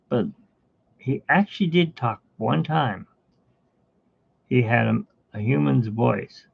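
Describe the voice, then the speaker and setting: A man's voice: mid-range voice, animated, takes it slowly, gravelly, pauses often, slightly rough, no room sound. A man hosting a live art stream who chats casually while he draws. He rambles, with asides and fillers. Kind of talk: casual chat while drawing. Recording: tinny phone-like sound.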